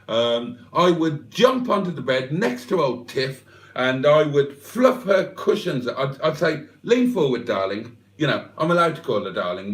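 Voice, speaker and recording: A man spins a slow, meandering comic monologue for his livestream, dry and mock-serious. His pitch swoops up and down a lot as he talks. He sounds a little distant from the mic in an echoey room. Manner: deadpan, digressive, mock-serious. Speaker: livestream host.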